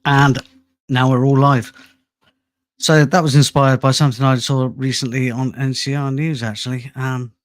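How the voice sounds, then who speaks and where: A man's voice: mid-range voice, flat delivery, normal speed, no room sound, clean studio sound. A middle-aged man hosting a casual live stream, rambling and self-deprecating, often breaking into laughter. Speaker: host and channel producer.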